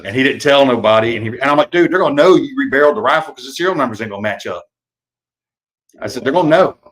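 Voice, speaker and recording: A man's voice: medium pitch, expressive, rapid-fire. A man hosting a casual live-stream chat, telling folksy stories and swearing freely. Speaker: podcast host and author.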